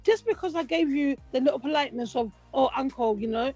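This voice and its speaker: A woman, co-hosting a casual chat and telling stories with lively acted-out quotes. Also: sits high, quick pace. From Britain. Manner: animated storytelling, acts out quotes. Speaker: podcast co-host. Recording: dull lo-fi sound with faint music.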